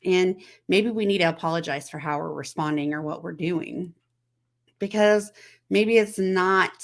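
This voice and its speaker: A woman's voice: fairly low pitch, fairly bright tone. A woman hosting a casual chat to camera, talking in a conversational way, asking the viewer questions and acting out text messages in quoted voices. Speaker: host.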